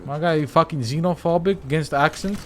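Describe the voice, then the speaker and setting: A man streaming a shooter game with friends, excitable and swearing as he trash-talks in casual banter. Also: fairly high pitch, fairly quick, a little hiss or hum. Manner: excitable, swears a lot, mock-outraged trash talk.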